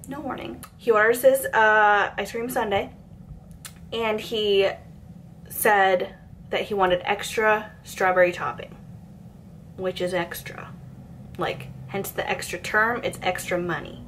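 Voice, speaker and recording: An exasperated young woman rants through a work story in a chatty, filler-heavy way. Her pitch sits mid-range, and a faint hiss of noise lies under the recording. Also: unhurried, a bit bright. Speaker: vlogger. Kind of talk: storytime rant.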